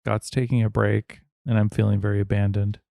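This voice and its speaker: A man's voice: lowish voice, level tone, brisk, vocal fry, warm tone, dry recording, clean studio sound. A man co-hosting a casual podcast, teasing and wry with mock drama. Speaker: podcast co-host.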